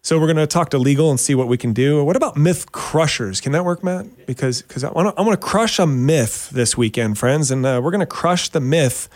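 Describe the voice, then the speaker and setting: A man's voice: fairly quick, hardly any pauses. A man hosting a weekend radio talk show, joking and teasing himself as he talks about his subject. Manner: joking, self-mocking, animated with sudden pitch jumps. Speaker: radio show host and realtor.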